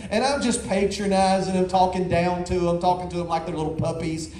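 A man with a high voice preaching to a congregation in a big, echoey hall. He tells stories in a folksy, animated way, often stumbling over and repeating his words. A faint room ambience sits under his voice. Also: normal speed, hardly any pauses, a little hiss or hum. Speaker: pastor. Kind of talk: sermon. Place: large church hall.

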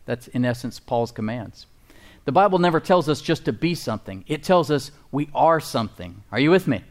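A man's voice: mid-range voice, lively intonation, normal speed. Male pastor, sermon, emphatic, folksy, humorous, asks the congregation to agree, church. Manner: folksy and humorous, chuckles at his own points.

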